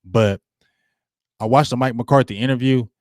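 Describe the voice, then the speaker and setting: A man's voice: moderate pace, no echo, studio quality. A man hosting his own football talk show, speaking casually in slang and repeating himself as he gets worked up. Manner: animated, slangy, repeats himself, rises in pitch when fired up. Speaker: sports talk show host. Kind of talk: casual solo sports commentary.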